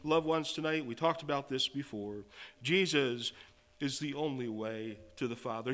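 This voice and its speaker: Bright-voiced man preaching with rising fervor. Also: mid-range voice, normal speed. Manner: swells from quiet asides to loud emphatic declarations; reads and quotes scripture in old-fashioned wording. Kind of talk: sermon.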